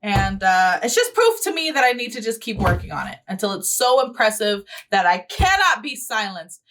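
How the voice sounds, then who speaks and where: A woman's voice: mid-range voice, sing-song, normal speed, fairly bright tone. A woman hosting a reaction video, talking bluntly and rambling with plenty of swearing. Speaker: YouTube host. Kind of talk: casual reaction commentary.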